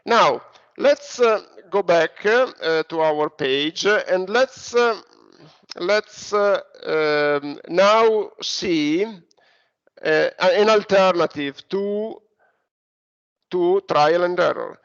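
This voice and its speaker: A man's voice: sits high, extremely slow, a bit bright, clean tone. A man with an Italian accent giving an online university lecture, hesitant, with many fillers and restarts. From Italy. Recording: dull lo-fi recording.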